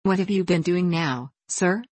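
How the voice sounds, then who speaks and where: A woman's voice: fairly low pitch, measured pace, darkish tone, no room sound. A woman reading the part of a stern, commanding middle-aged father in a storybook. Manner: commanding, reproving.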